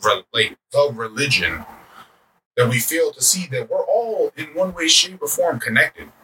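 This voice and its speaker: A man chatting on a podcast, telling personal stories in a loose, rambling way. His voice is very bright and forward. He sits a bit back from the mic, with faint noise underneath. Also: on the high side, unhurried, distant mic, rough recording. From United States. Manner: animated storyteller, rambling with many fillers. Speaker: podcast co-host. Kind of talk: casual chat.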